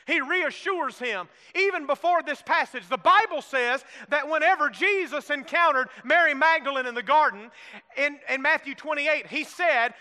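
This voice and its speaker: A sharp-toned, extremely high-pitched pastor delivers a folksy, humorous sermon, leading call-and-response as the congregation repeats his phrases and playing out the disciples' lines. There is a long hall reverb on the recording.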